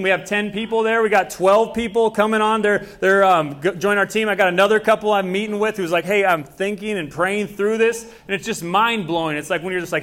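A man's voice: high-pitched, fairly bright tone. A young man preaching a sermon as pastor, casual and conversational, acting out bits of dialogue.

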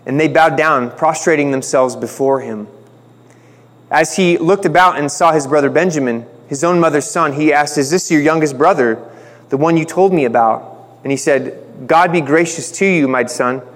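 A pastor preaching a sermon in a casual, conversational way, joking and acting out the quotes. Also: male voice, fairly high pitch, normal speed, big-room sound.

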